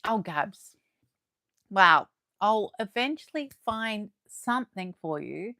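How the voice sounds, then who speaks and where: A woman's voice: mid-range voice, animated, slow, sharp tone, no echo. Australian woman, live unboxing host, chatty and gushing, dry close mic. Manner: chatty, gushing, reading chat aloud. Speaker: livestream host.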